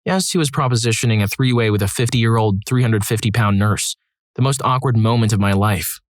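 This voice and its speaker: A man's voice: on the low side, a little fast, dry recording. A man narrating read-aloud stories in a scripted style, adding wry, dry asides between them. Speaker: story narrator.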